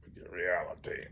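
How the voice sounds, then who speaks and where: Man, storytelling teacher, slow, gravelly, husky, rambling, drops to near-whisper. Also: sits low, fairly bright tone. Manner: rambling, many fillers, dips to near-whisper. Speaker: teacher of tantric practice.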